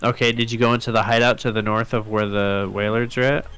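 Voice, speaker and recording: A man's voice: on the low side, flat delivery, fast talker, fairly bright tone, soft background music. A man playing a video game alongside a friend, chatting casually with a sarcastic, teasing sense of humor. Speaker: co-streamer. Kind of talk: casual gaming chat.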